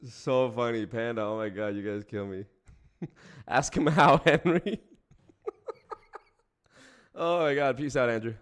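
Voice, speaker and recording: A man's voice: mid-range voice, unhurried, long pauses, smooth. A man hosting a casual livestream, chatting with viewers, breaking into frequent laughter and swearing casually. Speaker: streamer host.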